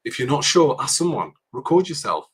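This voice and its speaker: A man's voice: medium pitch, big pitch swings, a little fast, fairly bright tone, breathy edge. A man leading a university workshop on public speaking, talking conversationally with frequent "okay"s and restarts.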